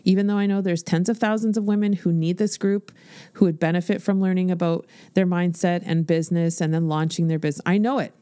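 A woman in her forties hosts a motivational podcast, speaking bluntly and swearing freely. Her voice sits fairly low and sounds animated. The sound is dry and close. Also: fast talker, smooth, no room sound. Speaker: podcast host and business coach. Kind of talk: casual motivational podcast monologue.

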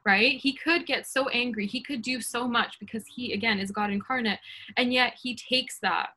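Bright, earnest woman in her thirties. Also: fairly high pitch, moderate pace. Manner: earnest, rambling, many fillers and tag questions. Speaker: podcast guest. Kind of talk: casual faith talk.

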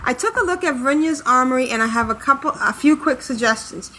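A woman's voice: high voice, lively intonation, fast talker, background noise. A woman co-hosting a gaming podcast, reading listener emails in an easygoing, laughing manner. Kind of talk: casual podcast chat.

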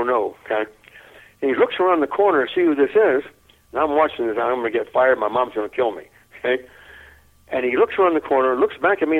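An older man telling a lively anecdote in an interview, chuckling often and repeating his words as he goes. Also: a little high. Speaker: interview guest. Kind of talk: anecdotal storytelling. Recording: tinny phone-like line.

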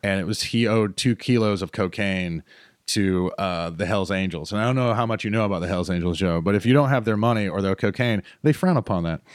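A man telling a long story in casual chat, animated and rambling, with fillers and acted quotes. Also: lowish voice, brisk, no room sound, clean studio sound. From North Carolina.

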